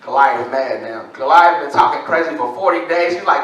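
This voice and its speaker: A man's voice: high-pitched, fairly quick, few pauses, bright, forceful tone, very echoey. A male pastor preaching a sermon in a casual, slang-filled way, recorded from a distance in a church.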